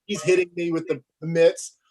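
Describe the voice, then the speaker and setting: A man, a filmmaker, telling a story in an interview with lively, self-mocking energy and acted-out dialogue. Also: fairly high pitch, moderate pace.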